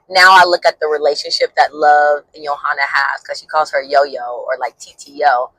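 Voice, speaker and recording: A woman's voice: on the low side, fairly bright tone, dry recording, poor audio. Heartfelt woman telling a personal story. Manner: heartfelt, emotional, many "like" fillers. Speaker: counselor and vlogger.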